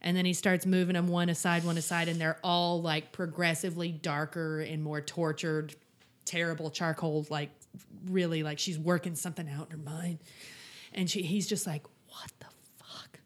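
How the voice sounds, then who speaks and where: A woman co-hosting a podcast in casual chat, retelling a TV episode with animated energy. Her voice sits a little low, and she swears freely as she tells the story. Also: moderate pace. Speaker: podcast co-host.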